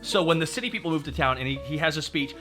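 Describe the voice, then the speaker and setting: Brief: male streamer, excitable and profane, very bright tone, lively pitch. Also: soft background music. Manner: excitable, swears freely, quick to laugh. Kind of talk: casual stream commentary.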